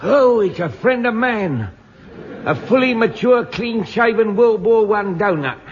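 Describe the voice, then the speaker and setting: A cheeky high-voiced common guy, slow and blunt, hissy old radio. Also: animated, big-room sound. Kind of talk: 1950s radio comedy acting. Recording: muffled old radio broadcast with hiss.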